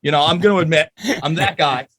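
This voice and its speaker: A man's voice: a little high, fast, sharp tone. A man as a podcast guest, ranting angrily and profanely in an emphatic, heated way.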